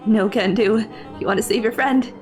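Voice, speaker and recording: A woman's voice: mid-range voice, moderate pace, a little mellow, faint music behind, voice pushed down, natural voice. A woman voicing a proud, theatrical old man in a game, speaking grandly and stubbornly. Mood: defiant.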